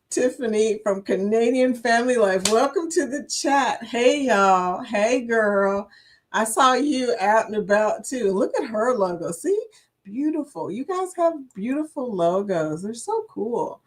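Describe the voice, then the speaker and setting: A woman's voice: fairly high pitch, lively intonation, measured pace. An older woman hosting a casual live-stream chat, chatty and laughing often as she reads viewers' comments aloud, with a slight cough and a dry throat.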